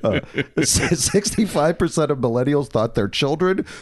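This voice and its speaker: A man's voice: a little high, moderate pace. A man co-hosting a casual comedy podcast, reading stats and telling stories with wry humor. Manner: wry, animated, laughs along. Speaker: podcast co-host. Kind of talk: casual chat.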